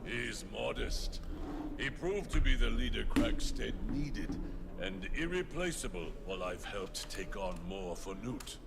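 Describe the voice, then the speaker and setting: A man's voice: fairly low pitch, expressive, measured pace, vocal fry, background noise. An actor playing a proud male mentor figure in a video game, speaking fondly of a younger man. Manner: fond, praising.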